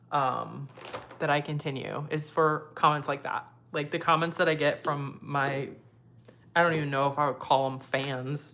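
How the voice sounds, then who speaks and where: A woman's voice: very deep voice, a bit bright. A young woman vlogger chatting casually with viewers while doing her makeup, answering their comments as she goes. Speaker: beauty vlogger.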